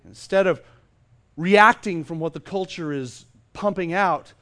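A middle-aged pastor with a fairly high voice preaches to his congregation in a church. He speaks emphatically, swinging from quiet to loud, and often restarts his sentences as he drives a point home. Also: a little slow. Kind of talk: sermon. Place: church sanctuary.

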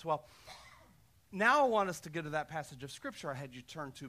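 A man preaching a sermon as pastor, impassioned, swinging between loud emphatic lines and quiet asides. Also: fairly high pitch.

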